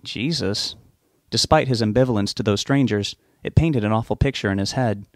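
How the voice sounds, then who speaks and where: A man's voice: lowish voice, normal speed, no room sound. Man narrating a novel in a dry close recording. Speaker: audiobook narrator.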